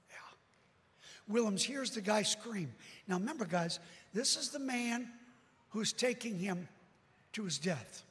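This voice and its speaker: A man preaching a sermon as a dramatic storyteller who breaks into sudden shouts. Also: very high voice, slightly rough, in a large hall.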